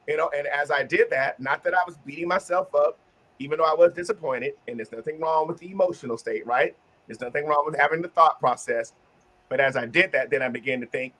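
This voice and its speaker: A man hosting a casual group discussion, talking earnestly about self-reflection and turning animated when he acts out examples. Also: fairly high pitch, fairly quick. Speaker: host.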